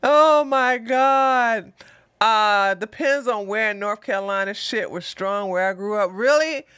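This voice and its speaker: A woman hosts a casual livestream, rambling and chatty with frequent laughter. Her voice is bright and forward. The sound is dry and close with no room echo. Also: mid-range voice, moderate pace, clear, resonant tone. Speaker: livestream news show host.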